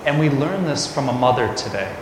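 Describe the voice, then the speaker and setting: A priest giving a conversational homily, telling a family story before turning to scripture. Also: male voice, mid-range voice, lively intonation, fairly quick, background noise. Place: large church. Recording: echoey church recorded from afar.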